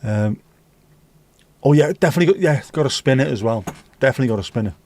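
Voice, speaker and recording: A man's voice: mid-range voice, expressive, fast talker, a little mellow. A man hosting a livestream, rambling through jokey, sweary anecdotes in casual chat. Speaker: livestream host.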